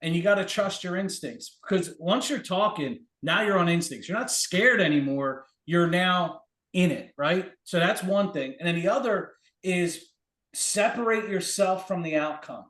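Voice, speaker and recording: A man's voice: high-pitched, animated, normal speed, a bit bright. A man speaking as a podcast guest, giving emphatic, motivational advice in casual conversation. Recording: echoey room.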